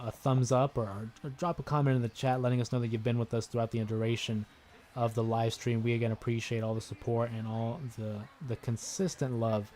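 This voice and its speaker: A man hosting a live stream, chatting casually and getting excited as he comments on a wrestling video game. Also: mid-range voice, slight background noise. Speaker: gaming livestream host. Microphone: desk microphone with headphones listeners.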